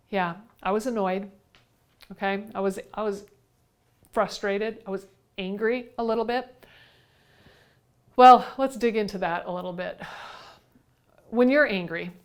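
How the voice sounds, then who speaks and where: A woman giving a conversational coaching talk, repeating key phrases and asking her listeners questions. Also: mid-range voice. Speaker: leadership coach and podcast host.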